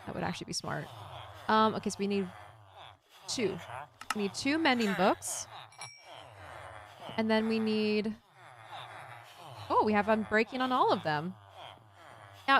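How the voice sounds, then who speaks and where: A young adult woman streamer chatting casually with viewers while playing a game, animated and giggly. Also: a little high. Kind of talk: casual gameplay chat with viewers.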